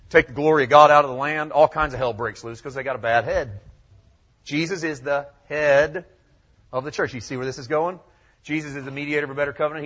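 A male pastor preaching a sermon, asking rhetorical questions and repeating key phrases, swinging from quiet low phrases to loud high ones. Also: breathy edge, highs cut off.

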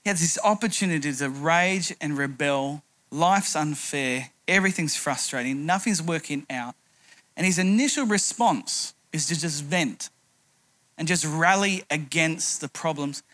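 A man's voice: fairly high pitch, lively intonation, normal speed, fairly bright tone. A middle-aged man preaching a sermon, telling a humorous anecdote as a pastor.

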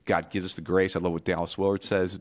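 A man's voice: low-pitched, flat delivery, quick pace. A man, a pastor hosting a podcast, talking earnestly and reflectively about faith in casual conversation, quoting scripture and sayings.

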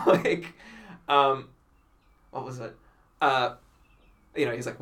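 Male podcast guest, bright tone, mid pitch, animated storyteller. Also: a little slow, pauses often. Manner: animated storytelling, acts out quotes, laughs often. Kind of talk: casual chat.

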